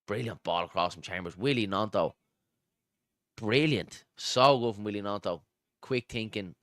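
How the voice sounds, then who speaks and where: A man's voice: low voice, fairly bright tone, clean tone, no echo, studio quality. A man giving live, chatty fan commentary on a football match and joking with viewers on a stream.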